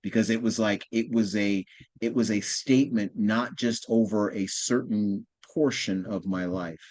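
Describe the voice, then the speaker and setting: Male guest, low voice, dry close sound, quiet heartfelt storytelling. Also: steady tone, measured pace, no echo. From United States. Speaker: podcast guest, author. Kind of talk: personal storytelling in an interview.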